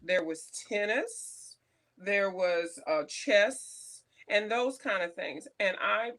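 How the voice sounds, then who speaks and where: A woman's voice: medium pitch, slow pace, fairly bright tone. A woman co-hosting a casual chat, telling blunt, profane stories about her school days. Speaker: co-host.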